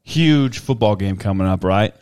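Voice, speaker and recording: A man of mid pitch hosts a loose, casual podcast chat. He swears freely and pitches ideas in a relaxed, offhand way. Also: normal speed, clean tone. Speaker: podcast host.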